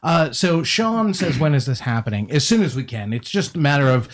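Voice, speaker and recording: A man's voice: a little high, big pitch swings, brisk. A man co-hosting a casual live craft stream, reading viewer comments and joking with a laugh.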